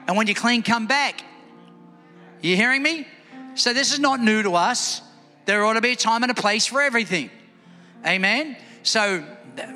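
Man preaching, high bright voice, lively, echoey hall, faint music. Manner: lively, calls for congregation responses. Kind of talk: sermon. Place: church hall.

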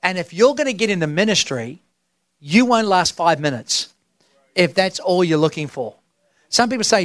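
A man's voice: high voice, expressive, moderate pace, fairly bright tone, no room sound, clean studio sound. A middle-aged man preaching a sermon as senior pastor, emphatic and drawn out, asking the crowd rhetorical questions. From Australia.

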